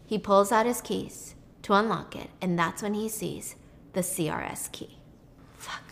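A young woman casually retelling a story in a chatty, quick way, swearing now and then. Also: medium pitch, gravelly, slight background noise.

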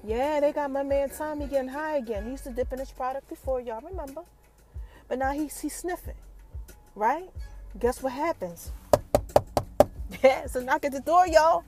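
A woman's voice: high-pitched, moderate pace, pauses often, over loud music. A woman hosting a podcast and recapping a TV episode in a casual, slangy way. She keeps calling out to her listeners and teasing them with questions. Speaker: podcast host.

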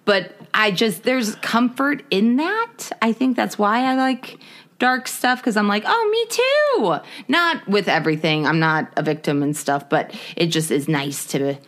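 A woman's voice: mid-range voice, lively intonation, a little slow, a bit bright. A woman co-hosting a podcast, chatting casually about movies with lots of laughter and asides to listeners. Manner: chatty, laughs often, addresses listeners as guys. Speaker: podcast co-host. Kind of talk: casual chat.

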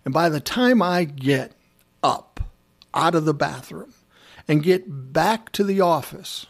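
A man telling a story from his days as a music manager, in a relaxed and plain-spoken way. His voice sits a little higher than most men's, and he talks bluntly. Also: takes it slowly, gravelly. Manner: conversational, blunt, swears freely. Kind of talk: casual personal storytelling.

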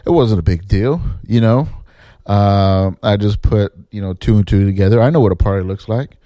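Guy telling a backstage story, low warm voice, swears a lot, dry close sound. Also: moderate pace, dry recording. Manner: animated, swears, mimics others in pitched-up quotes. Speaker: former assistant stage manager telling a story. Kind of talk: casual storytelling.

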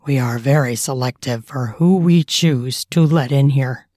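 A gentle, composed man leads with a steady, lowered voice, direct and kind in an audiobook reading, as a woman puts him on. The delivery is dry and close. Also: measured pace, no room sound. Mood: reassuring. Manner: calm, direct, reassuring. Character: calm caring male party host, a gentle leader.

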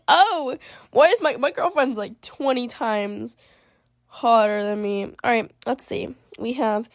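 A high-voiced woman who makes gaming videos gives casual, animated commentary, reading the game's choices aloud, reacting quickly and giggling. It's a dry, close-mic recording with no echo.

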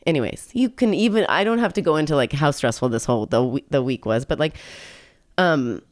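Middle-aged woman cohosting a podcast, pretty low voice, chatty and emotional, dry close mic. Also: animated, a little fast, no echo. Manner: chatty, emotional, frequent restarts. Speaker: podcast co-host. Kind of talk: casual chat.

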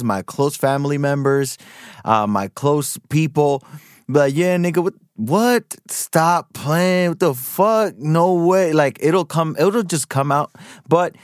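A man's voice: mid-range voice, no echo. Podcast guy rambling on with lots of ums, dry close mic sound. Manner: rambling, with filler and restarts. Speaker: podcast host. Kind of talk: casual commentary.

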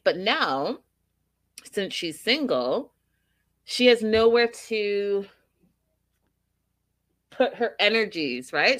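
A woman's voice: on the low side, fairly bright tone, no room sound. A woman casually recapping a reality show, opinionated and full of rhetorical questions.

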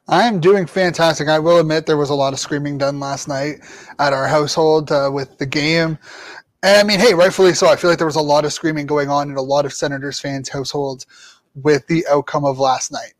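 Upbeat podcast host, dry sound. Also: male voice, fairly high pitch, a little fast, no room sound. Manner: upbeat, relaxed, reads sponsor plug. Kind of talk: casual sports podcast chat.

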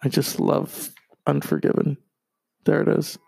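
A man's voice: fairly high pitch, monotone, unhurried, gravelly, background noise. A man hosting a podcast, chatting casually in a rambling, profane way and swearing freely. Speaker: podcast host. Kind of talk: casual chat.

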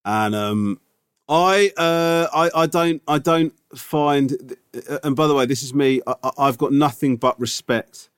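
A man's voice: medium pitch, unhurried, clear, resonant tone, no echo. A man co-hosting a podcast in casual chat, dry and self-deprecating. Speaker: podcast co-host.

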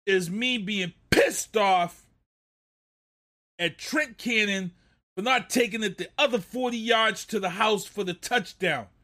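Fired-up sports show guy ranting about a play, high bright voice, keeps repeating himself. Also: a little slow. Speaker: sports talk show host. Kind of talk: casual sports commentary.

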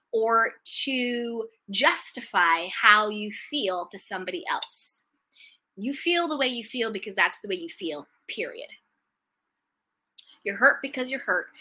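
A woman giving a motivational self-help talk, stressing her points with emphatic, repeated affirmations that swing from loud punches to soft, trailing endings. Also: mid-range voice, rough recording.

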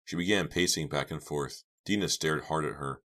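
A man narrating a horror novel audiobook in a measured, steady reading. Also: rumbling low. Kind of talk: scripted narration.

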